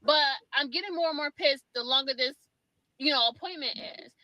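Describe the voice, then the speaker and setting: Young woman, high bright voice, dry close sound, exasperated casual storytime. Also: dry recording, rough recording. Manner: exasperated, quick with many fillers. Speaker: storyteller in a clip.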